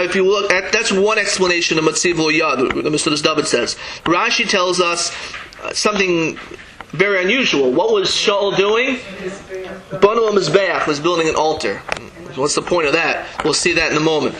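Guy teaching torah verse by verse, pretty high bright voice, reads the then explains it, acts out the lines, bit of faint hiss behind. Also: rough recording. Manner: reads Hebrew verses then explains them in English, acting out the dialogue. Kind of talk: verse-by-verse Bible class.

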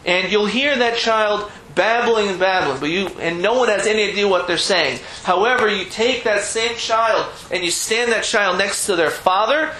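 A man's voice: high voice, sharp tone, reverberant, a little hiss or hum, low-quality recording. A man giving a Torah lesson, explaining texts with Hebrew terms and frequent restarts. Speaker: rabbi teaching Torah.

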